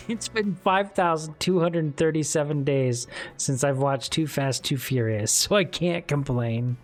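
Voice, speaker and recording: A man's voice: a little high, measured pace, soft background music. A man streamer chatting casually with his viewers, rambling and candid, swearing now and then. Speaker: streamer talking with chat. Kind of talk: casual live-stream chat.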